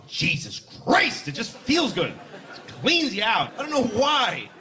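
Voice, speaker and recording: A man performing a stand-up comedy routine in front of a live audience, animated and acting out characters as he goes. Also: high voice. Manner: animated, acts out characters in voices. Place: large venue with a live audience.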